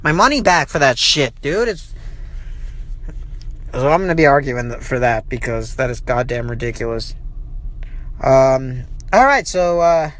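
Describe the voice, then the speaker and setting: A man's voice: medium pitch, lively intonation, unhurried, long pauses, fairly bright tone. Male podcaster, profane, rambling, gets heated ranting. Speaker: podcast host. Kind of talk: recorded travel diary monologue.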